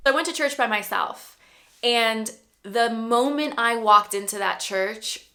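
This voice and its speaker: Thirties woman vlogging to her camera, bright voice, heartfelt and rambly, lots of restarts. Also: a little high, measured pace. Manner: earnest and emotional, rambling with restarts. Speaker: vlogger sharing a faith testimony. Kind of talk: casual spoken testimony. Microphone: self-filmed camera.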